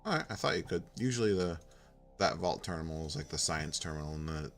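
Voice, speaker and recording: A game streamer with a rumbling low voice talks at a quick pace, giving relaxed, rambling commentary on a playthrough and reading the on-screen text aloud. Faint music sits behind him.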